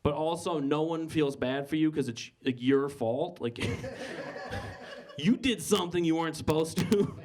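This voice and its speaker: A man's voice: a little high, moderate pace, darkish tone. A man doing stand-up comedy on a club stage, rambling and stammering, with lots of "like" and restarts.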